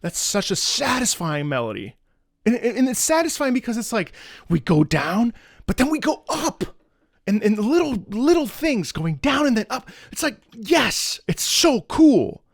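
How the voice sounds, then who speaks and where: A man, an opera singer, excitedly reacting to orchestral game music, gushing and humming melody lines between comments. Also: extremely high pitch, unhurried, no echo, studio quality. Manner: gushing, emphatic, hums and scats melodies. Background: loud orchestral music playing.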